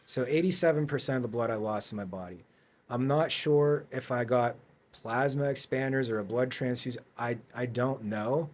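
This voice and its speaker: A man's voice: mid-range voice, moderate pace. Rambling man telling a story. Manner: rambling, many fillers and restarts. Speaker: podcast guest. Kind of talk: casual storytelling. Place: podcast studio.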